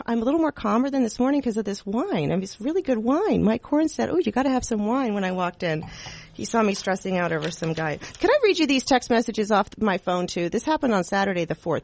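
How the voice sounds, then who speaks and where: A woman hosting a talk radio show, chatting in a rambling, giggly, animated way into a studio microphone. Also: mid-range voice, no room sound. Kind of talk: casual talk radio chat.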